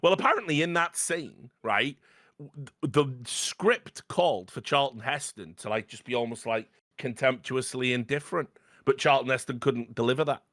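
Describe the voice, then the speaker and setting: Bright-voiced podcast host riffing on films. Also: male voice, medium pitch, moderate pace, dry recording, clean studio sound. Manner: animated, swearing, laughing asides. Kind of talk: casual film-review chat.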